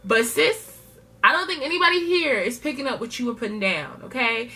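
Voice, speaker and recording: High bright gossipy woman recapping a reality show, chatty and laughing a lot. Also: expressive, brisk, a little hiss or hum. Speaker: TV show reviewer.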